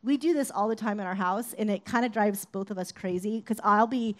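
A woman giving a casual, conversational sermon, sometimes acting out shouted lines. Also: mid-range voice, fairly quick. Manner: conversational, acts out shouted quotes. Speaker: preacher.

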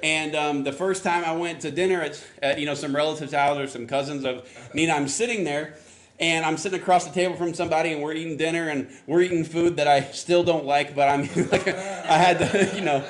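Animated storytelling pastor, fairly high voice. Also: male voice, a little fast, slight background noise. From Florida, US South. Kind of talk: conversational sermon.

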